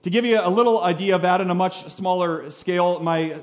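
High-pitched guy preaching in church, chatty, keeps asking the crowd stuff. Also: brisk. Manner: conversational, animated preaching with rhetorical questions. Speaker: pastor. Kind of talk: sermon. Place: church sanctuary.

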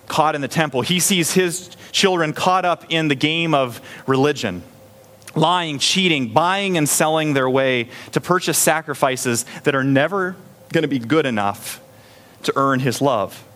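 A man's voice: a little high, a bit bright. A man preaching a sermon in a conversational way, acting out little scenes with a raised voice. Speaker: pastor.

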